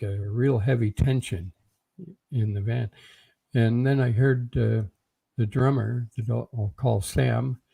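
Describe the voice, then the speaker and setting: Older Canadian man, interview guest, dark mellow tone, hesitant storytelling full of fillers. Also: mid-range voice, gravelly, breathy edge. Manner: halting, frequent fillers. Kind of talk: recounting a personal story.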